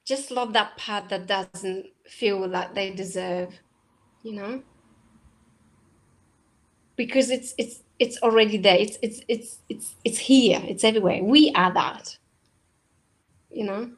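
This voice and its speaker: A woman talking in a soft, halting way in a casual spiritual conversation, with many restarts. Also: medium pitch. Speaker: co-host.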